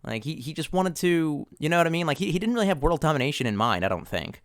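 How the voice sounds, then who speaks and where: Slightly high-pitched and quick, a young streamer speaks with big swings in pitch over a dry, studio-quality recording. He rambles casually and sarcastically, swears a lot, and reads his viewers' messages out loud.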